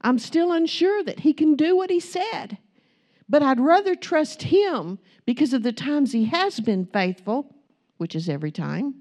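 Mellow-voiced woman preaching with candid storytelling. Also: fairly high pitch. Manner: storytelling, chatty and candid, acts out quotes. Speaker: pastor's wife speaking to a congregation. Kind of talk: sermon-style testimony.

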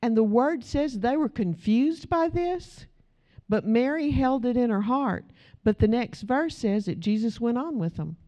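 A woman's voice: fairly high pitch, expressive, a little slow, mellow. A middle-aged woman preaching a sermon in a conversational way, asking the audience questions.

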